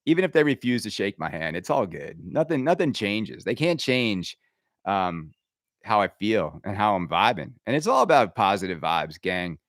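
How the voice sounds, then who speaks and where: A man hosting a podcast, ranting casually with sarcasm and quick asides. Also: lowish voice, no room sound, studio quality. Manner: animated, sarcastic, riffing with laughs and mock impressions. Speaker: podcast host.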